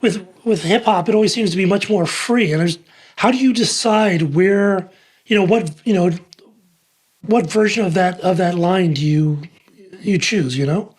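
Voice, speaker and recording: A man's voice: high voice, moderate pace, breathy edge. A man co-hosting a music talk show, a songwriter himself, rambling and playful with many fillers. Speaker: co-host, songwriter. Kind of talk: conversational interview.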